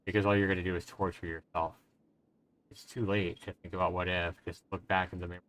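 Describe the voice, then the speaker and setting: A man's voice: low voice, little pitch movement, quick pace, fairly bright tone. A male streamer commenting on a game live, speaking in an earnest, emotional way and giving reflective advice to his viewers.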